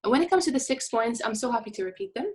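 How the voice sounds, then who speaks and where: A woman's voice: fairly high pitch, animated, racing, husky, low-quality recording. A woman giving a talk on healing, speaking earnestly and mixing in Arabic words as she acts out small dialogues. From Arab world. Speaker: motivational speaker.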